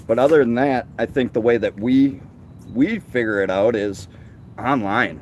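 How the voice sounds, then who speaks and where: A man with an ordinary mid-pitched voice chats on a live fishing stream at night, asking his partner questions and thinking aloud. His talk is loose and conversational. Faint outdoor noise sits behind him. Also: normal speed. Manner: asks questions, chatty and loose. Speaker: fishing show co-host. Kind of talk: casual live-stream chat.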